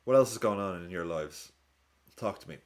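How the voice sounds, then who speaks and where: A man hosting a live football watch-along stream, casually chatting with viewers and reacting to the match. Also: moderate pace. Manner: chatty, reacts to play and reads chat aloud; lively swings in pitch.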